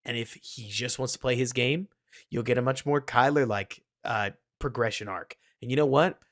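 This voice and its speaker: Sports podcast co-host, male, mid pitch, analytical, hedges his takes. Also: moderate pace. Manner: hedging, self-aware, addresses co-host by name. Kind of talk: casual sports podcast chat.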